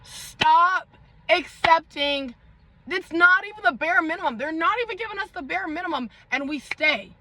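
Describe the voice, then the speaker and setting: A young woman vlogger tells a dramatic storytime with lots of slang and side comments to her audience. Her voice sits high and sounds sharp and bright. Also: normal speed, rough recording. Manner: animated, dramatic storytelling with slang and asides to viewers. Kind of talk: storytime vlog.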